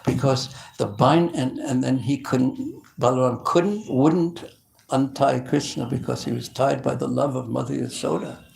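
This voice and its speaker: Gravelly-voiced man telling a devotional story. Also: mid-range voice, slight background noise, rough recording. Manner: animated, with frequent restarts. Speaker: preacher.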